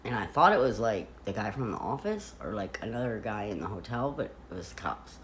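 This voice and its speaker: A woman's voice: extremely low pitch, a little fast, a little hiss or hum. Chatty woman telling a story in a hotel room. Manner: chatty, animated retelling with lots of "like". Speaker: vlogger. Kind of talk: casual storytelling.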